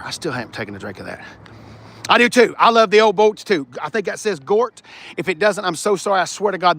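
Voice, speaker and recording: Rowdy, gravelly man. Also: fairly high pitch, fairly bright tone. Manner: rowdy, joking, swears freely. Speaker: car reviewer hosting a live stream. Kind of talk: casual live car walkaround. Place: outdoor car dealership lot in bright sun.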